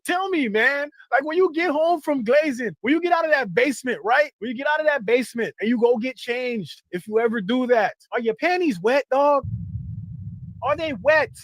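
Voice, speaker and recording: A man co-hosting a live stream, taunting someone with rapid-fire rhetorical questions. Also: extremely high pitch, dry recording. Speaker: co-host. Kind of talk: mocking banter on a live stream.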